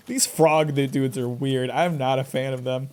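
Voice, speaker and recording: A medium-pitched male voice, steady and a little mellow, moves at a measured pace. The man narrates his game live, cracking jokes and talking back at the boss and characters as he plays.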